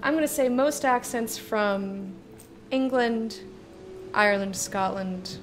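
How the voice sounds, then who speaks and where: A woman's voice: on the high side, soft background music. Chatty woman streaming a game. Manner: chatty and drawn-out, lingers on words. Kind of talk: casual chat while streaming a game.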